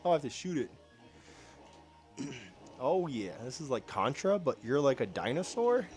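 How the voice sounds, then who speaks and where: A young man hosting a casual let's-play, sarcastic and excitable, slightly ill and clearing his throat. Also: medium pitch, moderate pace. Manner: sarcastic, reacting excitedly to gameplay. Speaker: gaming channel host. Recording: faint game music behind.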